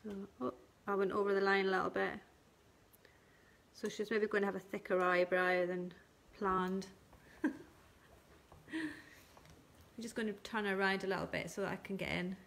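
A woman teaching colouring and shading on a live stream, talking gently step by step and thanking viewers by name. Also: medium pitch, flat delivery, normal speed, creaky, pauses often. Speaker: craft tutor.

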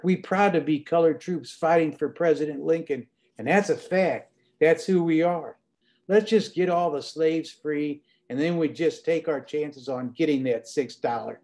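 A man's voice: fairly high pitch, darkish tone, close to an everyday voice. A man voicing an earnest, skeptical male soldier who talks bluntly in folksy dialect.

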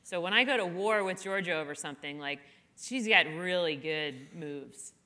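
A woman's voice: fairly low pitch, lively intonation, moderate pace, bright, forceful tone. A middle-aged woman, an author guest, talking candidly and chattily on a live event stage, self-deprecating and full of "like.". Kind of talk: candid conversational interview.

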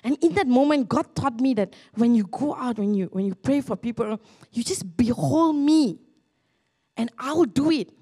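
A high-pitched young woman preaches a sermon. She tells her story earnestly, often restarting her sentences, and her voice climbs as she gets excited. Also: normal speed. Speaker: pastor. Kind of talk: sermon testimony.

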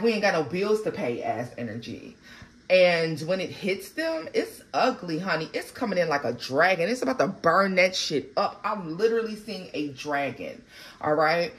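A woman giving a casual, animated tarot reading, blunt and full of profanity. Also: lowish voice. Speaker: tarot reader.

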